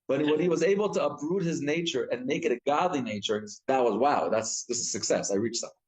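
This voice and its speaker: A man teaching a Torah class, telling stories with lively acted-out quotes and frequent restarts. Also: medium pitch, quick pace, rough recording. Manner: animated storytelling, acts out quotes, frequent restarts.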